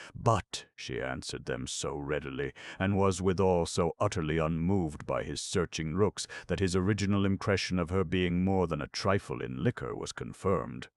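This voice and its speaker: Brief: gravelly male storyteller reading a classic novel, dramatic and measured. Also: low voice, dry recording. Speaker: audiobook narrator. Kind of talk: scripted narration of a classic novel.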